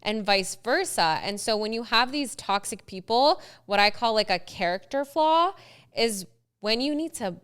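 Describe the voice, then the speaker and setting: A young woman co-hosts a podcast in a casual chat, telling her story in an animated way and acting out what people said. Her voice is bright and very clear, and "like" comes up often. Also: fairly high pitch, moderate pace. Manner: animated storytelling, acts out quotes, frequent "like". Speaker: podcast co-host.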